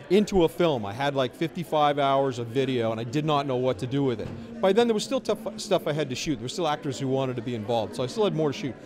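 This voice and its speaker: A middle-aged man talks through a casual interview, his voice pitched a little higher than most men's. He spins his stories in a chatty way and pokes fun at himself along the way. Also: darkish tone. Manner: chatty storyteller, wry and self-deprecating. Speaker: interviewee, filmmaker. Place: outdoors at a festival.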